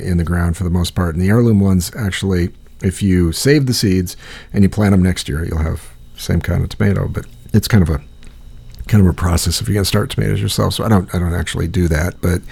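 Low gravelly man, swearing, rambling stories, casual podcast chat. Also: brisk, mellow. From Iowa. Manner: rambling, profane, storytelling with frequent restarts.

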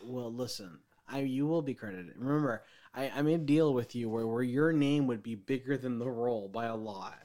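A man's voice: medium pitch, moderate pace, few pauses, warm tone. A man hosting a casual podcast chat in an easygoing, agreeable, teasing way.

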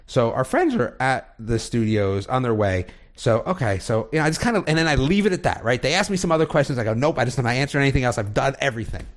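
A man tells a story on a casual podcast, his pitch leaping up and down as he gets into it. He acts out the people in the story with quick voices and breaks into laughter. His voice sits in a middle register. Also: big pitch swings. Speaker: podcast guest telling a trip story.

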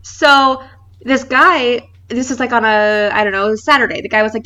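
Bright-voiced woman telling a funny story. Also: fairly high pitch, normal speed, a little hiss or hum. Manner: animated storyteller, laughs often. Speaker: podcast co-host. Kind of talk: casual chat.

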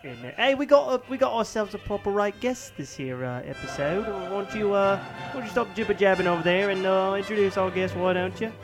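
A man's voice: sits high, lively intonation, fairly quick, hardly any pauses, over music, pitched above the performer's own voice. A man voicing a brash, cheeky British bloke in a put-on British accent, full of slang and tag questions. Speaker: podcast co-host.

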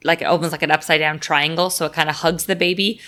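A woman in her thirties, a podcast co-host, chatting casually about baby sleep, quick and laughing often. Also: low-pitched, steady tone, fairly bright tone.

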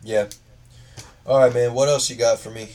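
A man's voice: mid-range voice, steady tone, moderate pace, a little mellow, far from the mic. A young man in casual chat, bantering loosely and swearing as he tells a story. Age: young adult.

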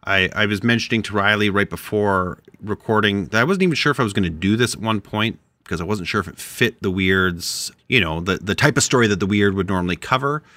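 A man's voice: lowish voice, fairly quick, hardly any pauses, dry recording. A young adult man, co-hosting a podcast in casual, playful banter. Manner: playful, teasing, animated delivery. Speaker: podcast co-host.

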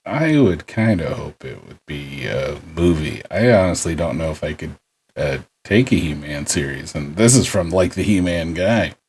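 A man's voice: rumbling low, animated, normal speed, darkish tone, slightly rough. A man in casual podcast chat, joking around and often slipping into silly voices. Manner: jokey, slips into silly put-on voices.

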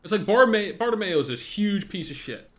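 A man's voice: high voice, animated, fairly quick. Rambling, blunt male podcast co-host. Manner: blunt, rambling, jokey, full of fillers and restarts. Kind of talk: casual football chat.

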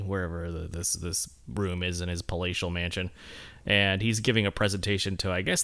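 A man's voice: low-pitched, fairly bright tone, smooth. A man co-hosting a casual chat, laughing often and slipping into funny voices. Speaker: podcast co-host.

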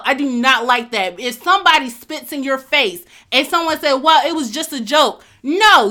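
A woman co-hosting a podcast in casual, animated chat, quick to argue and laugh. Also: high-pitched. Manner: animated, argumentative, laughs often. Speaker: podcast co-host.

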